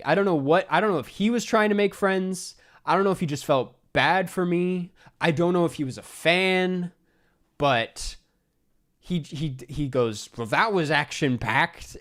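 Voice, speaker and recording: A young man hosting a stream, telling a funny anecdote in casual chat, animated and exasperated, laughing between lines. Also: a little high, normal speed. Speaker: streamer host.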